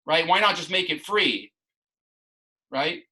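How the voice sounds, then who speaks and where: A man with a fairly high, bright, forceful voice teaches a math class, speaking slowly with lively intonation. His explanations ramble, full of restarts and asides. The recording quality is low.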